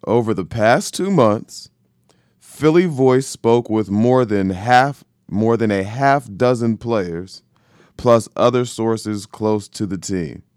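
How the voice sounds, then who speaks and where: A man co-hosting a casual sports talk show, making his points slowly and deliberately. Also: fairly low pitch, darkish tone, dry recording, studio quality. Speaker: podcast co-host.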